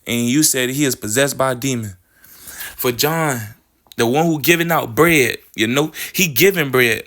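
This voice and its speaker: A man's voice: medium pitch, a bit bright. A man delivering a rambling spiritual monologue, playing with words, restarting phrases and checking in with "you feel me". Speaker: spiritual speaker.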